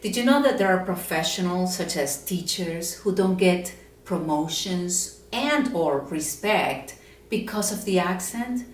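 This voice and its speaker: A woman's voice: medium pitch, slight background noise. A woman from Latin America with a Latin American Spanish accent, making an earnest, methodical case in an opinion vlog. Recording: roomy echo, mic at a distance.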